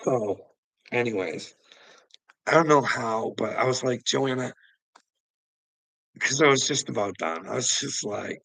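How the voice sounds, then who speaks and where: A man talks in a loose, heated vlog rant, swearing often and chuckling between points. His voice is bright and forceful, yet gravelly with a husky edge. The sound is close and dry. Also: medium pitch, a little slow, dry recording, low-quality recording. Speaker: vlogger. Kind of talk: casual ranting monologue.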